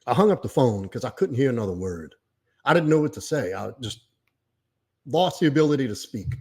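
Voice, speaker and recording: A middle-aged man telling a painful personal story on a podcast, halting and choked up at times. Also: medium pitch, sing-song, breathy edge.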